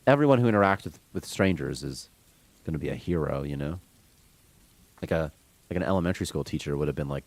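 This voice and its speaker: A man streaming game development, rambling casually with strong opinions and reading chat comments aloud. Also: sits low. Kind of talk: casual rant on a live stream.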